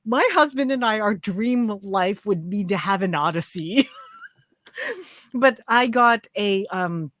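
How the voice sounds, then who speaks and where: A Canadian woman in her thirties chatting casually on a livestream, full of fillers and quick laughs. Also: medium pitch, animated, a bit bright, dry recording, studio quality. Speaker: co-host, crochet designer.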